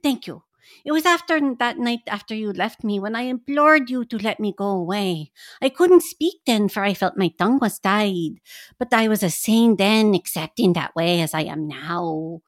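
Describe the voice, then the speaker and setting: A woman's voice: mid-range voice, animated, moderate pace, no room sound, studio quality, close to an everyday voice. A woman reading the part of a weak, feverish dying male patient in an amateur group reading, pleading and strained. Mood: urgent.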